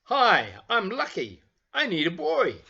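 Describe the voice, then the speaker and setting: A man voicing a cheerful, optimistic little toy teddy bear that squeals with excitement. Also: high-pitched, measured pace, husky, muffled recording, pitched above the performer's own voice, heavily acted. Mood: excited.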